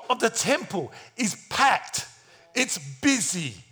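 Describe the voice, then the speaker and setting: A man's voice: high voice, very animated, a little slow, pushed and bright. A man preaching a sermon in a dramatic storytelling style, acting out the scenes he describes. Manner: dramatic, acts out the scenes, plays other voices.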